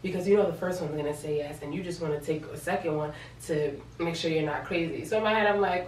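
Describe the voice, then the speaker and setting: A pregnant young woman in a casual vlog, retelling her story in an animated, chatty way with lots of quoted dialogue. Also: low voice, fast talker, few pauses, reverberant, distant mic, slight background noise, rough recording. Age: young adult. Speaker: vlogger.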